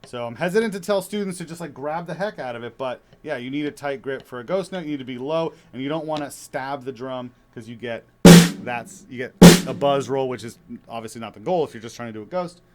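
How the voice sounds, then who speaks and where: A man who is a father of young children, teaching drums in a relaxed, chatty way with many fillers and restarts. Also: medium pitch, fairly quick, faint music behind. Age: young adult to middle-aged, father of young kids. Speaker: drum teacher. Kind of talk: casual spoken drum lesson.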